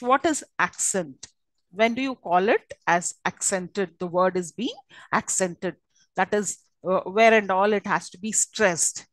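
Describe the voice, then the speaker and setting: A woman's voice: mid-range voice, a bit bright, dry recording, low-quality recording. A woman with an Indian English accent giving a university lecture on phonetics, with many fillers and frequent checking questions to the class.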